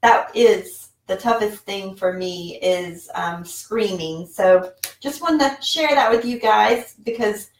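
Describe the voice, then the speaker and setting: This online seller and vlogger, a woman in her forties, has a medium-pitched voice and takes her time. She chats casually from her home office in a talking-head vlog, rambling with plenty of fillers, while a distant mic picks up echo from the room.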